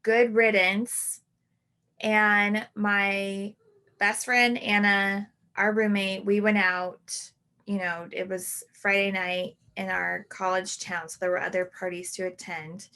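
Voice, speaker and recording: A woman in her thirties hosting a podcast, reflecting on a personal story in a halting way, full of "like" and restarts. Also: mid-range voice, little pitch movement, pushed and bright. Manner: halting, full of "like" and self-corrections. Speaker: podcast host.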